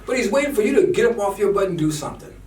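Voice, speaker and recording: A man's voice: high-pitched, lively intonation, rapid-fire, darkish tone, far from the mic. A man ranting fervently in a preachy style, often repeating words when worked up. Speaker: commentator. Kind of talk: impassioned political rant. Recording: echoey room, voice from off-mic.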